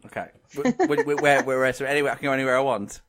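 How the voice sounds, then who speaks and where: A man's voice: mid-range voice, very fast, fairly bright tone. A man co-hosting a podcast, teasing and giggling through casual banter. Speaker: podcast co-host. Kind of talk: casual chat.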